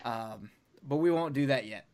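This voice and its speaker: A man's voice: mid-range voice, moderate pace, a little mellow. A man hosting a podcast in casual chat, loose and profane with lots of filler words. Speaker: podcast host.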